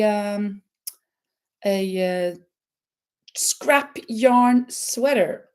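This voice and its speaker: A woman from Norway with a Norwegian accent, hosting a casual live crochet chat in a halting way, with many fillers and restarts. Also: mid-range voice, darkish tone. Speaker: crochet channel host.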